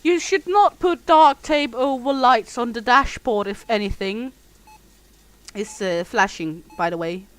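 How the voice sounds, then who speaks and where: A woman's voice: fairly high pitch, measured pace, no room sound, rough recording. A woman streaming a simulation game, chatting casually and jokingly with her viewers. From Denmark. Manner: chatty, joking, reads chat aloud. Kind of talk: casual chat with viewers while gaming.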